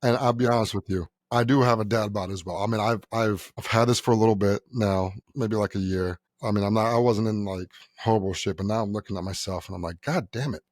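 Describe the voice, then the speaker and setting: Man, thirties, from New York, podcast co-host, animated storyteller, swears a lot, dry close mic. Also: fairly low pitch, quick pace, few pauses, no room sound. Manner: animated storyteller, acts out quotes, swears freely. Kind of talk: casual chat.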